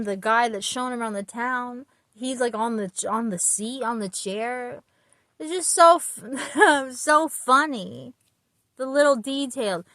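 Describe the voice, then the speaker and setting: A woman's voice: mid-range voice, a bit bright, dry recording. A woman chatting casually about a book while getting ready, rambling and laughing often as she retells scenes. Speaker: vlogger.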